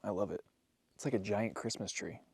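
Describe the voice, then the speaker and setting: A man's voice: lowish voice, a little fast, slightly rough, no echo. A man vlogging casually outside in the snow, playful and goofy, talking to his dog and his viewers. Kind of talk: casual vlog chat. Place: snowy yard outdoors.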